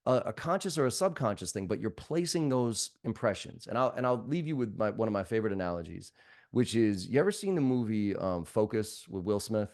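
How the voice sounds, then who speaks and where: A man, a sales trainer guest on a podcast, talks bluntly and swears freely while telling animated stories. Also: lowish voice, a little fast. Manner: blunt, profane, animated storyteller. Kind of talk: podcast conversation.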